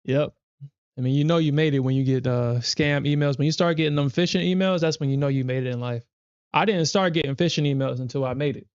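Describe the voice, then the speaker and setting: A man's voice: on the high side, fast, a little mellow, smooth, no room sound, dull audio. A man hosting a live stream, chatting casually, telling stories in slang and laughing often. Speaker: live-stream trading host. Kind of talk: casual chat.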